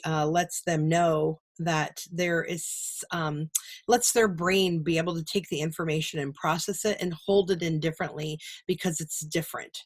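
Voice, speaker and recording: An older woman talking as a guest on a show, speaking thoughtfully with many hesitations and filler words. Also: on the low side. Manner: hesitant, lots of ums, thoughtful. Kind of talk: casual chat.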